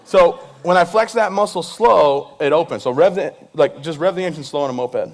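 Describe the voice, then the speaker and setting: A man's voice: fairly high pitch, moderate pace. A man in his thirties giving a joking speech to a live audience, playfully acting out the voices of people he quotes. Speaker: event speaker.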